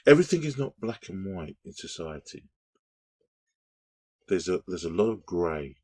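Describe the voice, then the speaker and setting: A man telling a story in a casual, rambling monologue, animated and full of restarts. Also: low voice, normal speed.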